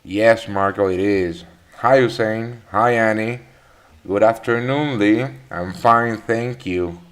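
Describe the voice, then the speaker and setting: A man hosts a live trading session at an unhurried, slow pace. His voice sits a little low. He greets viewers one by one and talks casually, with plenty of fillers and restarts. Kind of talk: live trading webinar chat.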